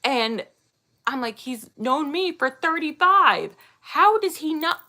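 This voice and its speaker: A woman's voice: high voice, expressive, takes it slowly, pushed and bright. A woman in her thirties chatting casually with her viewers, rambling and laughing often. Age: 30s. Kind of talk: casual chat reading viewer comments.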